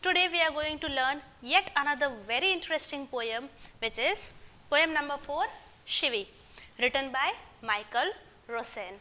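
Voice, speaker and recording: A woman teacher with an Indian English accent talks a class of children through a poem, patient and chatty, checking in with "right?" again and again. Her voice sits high and sounds bright and clear, with lively rises on the quoted commands. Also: normal speed. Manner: patient, addresses children directly with frequent "right?".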